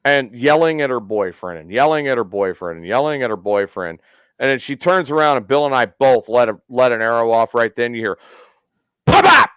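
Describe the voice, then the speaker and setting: A man's voice: mid-range voice, fairly quick, clean tone, dry recording. A man hosting a casual podcast, telling a long profane story and acting out the quotes. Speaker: podcast host.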